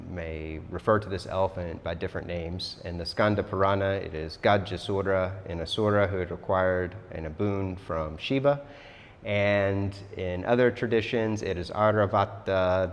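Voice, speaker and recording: Chatty man telling a myth, echoey hall. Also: sits low. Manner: chatty, relaxed, says "like" a lot. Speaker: yoga teacher. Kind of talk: casual storytelling lesson. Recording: long hall reverb.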